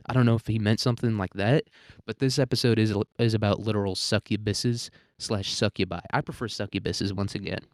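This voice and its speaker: A man's voice: lowish voice, fairly even intonation, fairly quick, no echo. A young man hosting a solo podcast, rambling and self-mocking with crude humor. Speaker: podcast host.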